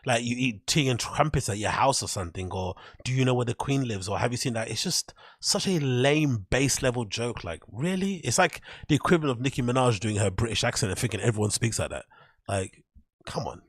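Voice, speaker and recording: A man's voice: medium pitch, expressive, brisk, husky, no room sound, clean studio sound. A man hosting a show, giving casual, blunt and dismissive commentary on clips. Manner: blunt, dismissive, says "cringe" a lot. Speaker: host reacting to clips.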